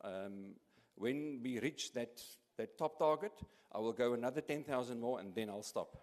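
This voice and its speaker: A man's voice: medium pitch, darkish tone. A man running a charity auction at an awards evening, cracking jokes and often stopping to restart his words. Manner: jokey, halting with many restarts and repeats. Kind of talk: live event MC, joking auction patter. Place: large event hall. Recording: echoey hall.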